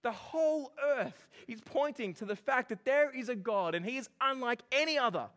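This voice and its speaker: A man preaching a sermon, animated and joking as he makes his points. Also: very high voice, normal speed. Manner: animated and joking, with lively emphasis. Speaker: pastor.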